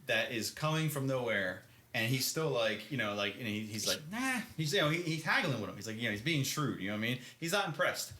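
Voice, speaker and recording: A man's voice: mid-range voice, lively intonation, fast, bright, forceful tone. A man co-hosting a podcast, recapping a book in loose, rambling casual chat, swearing and laughing often. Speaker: podcast co-host. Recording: echoey room.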